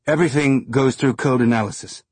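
A man voicing a hardened male rebel leader who speaks softly and gives clipped commands, in an audiobook. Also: medium pitch, fairly quick, slightly rough, no room sound, close to an everyday voice. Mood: commanding. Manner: soft, controlled, clipped commands. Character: older male revolutionary leader, calm but menacing.

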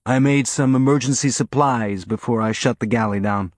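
A man's voice: mid-range voice, moderate pace, no room sound, natural voice. A man voicing a blunt, balding ship mechanic who swears casually. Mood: offhand.

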